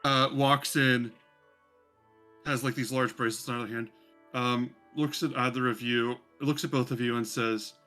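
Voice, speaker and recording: A man's voice: mid-range voice, fairly even intonation, measured pace, pushed and bright, soft background music. A man narrating as game master in a rambling, casual way with many fillers.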